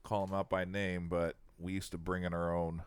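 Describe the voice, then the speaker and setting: Deep-voiced man telling a story. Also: normal speed, smooth, dry recording. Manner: animated, quotes people in put-on voices. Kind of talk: casual storytelling.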